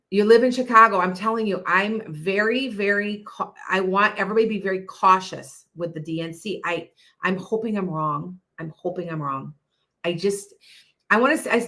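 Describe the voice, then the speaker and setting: A woman's voice: mid-range voice, sharp tone. A middle-aged woman chatting casually on a livestream as a psychic host, rambling and restarting her thoughts. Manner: rambling, jumps between thoughts, many restarts. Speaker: psychic host answering viewers.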